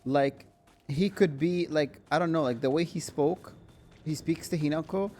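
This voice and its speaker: A man streaming a horror game, chatting excitedly with viewers, swearing and laughing as he plays. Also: a little high, moderate pace. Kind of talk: casual gameplay commentary.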